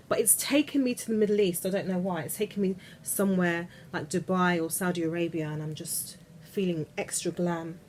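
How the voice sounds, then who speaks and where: A woman's voice: fairly low pitch, darkish tone, a little hiss or hum. A woman chatting casually to camera from her bed about perfumes, gushing and often trailing off mid-sentence. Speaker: beauty vlogger. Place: in bed at home.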